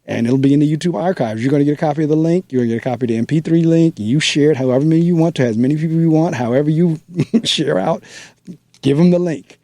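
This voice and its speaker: Man, radio host, mellow tone, relaxed chat, dry sound. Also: a little high, fast talker, dry recording. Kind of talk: casual interview chat.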